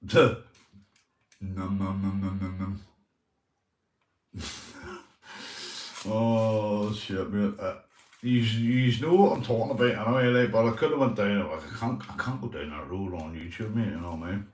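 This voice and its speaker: A man's voice: lowish voice, moderate pace, a little mellow, far from the mic. A middle-aged man with a Northern Irish accent telling a story on a casual livestream. He swears a lot and keeps asking "right?" and "mate". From Northern Ireland. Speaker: livestream host. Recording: echoey room, set back from the mic.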